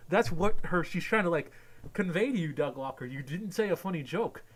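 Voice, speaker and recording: Brief: male reaction host, slightly high voice, constant cursing, mocking rant. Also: expressive, a little fast, a bit bright, breathy edge. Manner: ranting, mocking, swears constantly, laughs at clips. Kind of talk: profane reaction commentary. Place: home computer setup.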